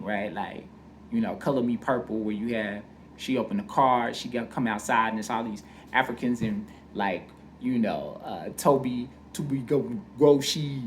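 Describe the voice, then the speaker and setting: A man at a middle pitch tells a personal story in a loose, conversational way. He is candid and swears freely, and keeps checking in with his listener. A faint hiss sits behind his voice. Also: moderate pace. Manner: candid, profane, conversational, many fillers like "you know what I mean". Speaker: podcast host telling a personal story. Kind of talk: casual storytelling.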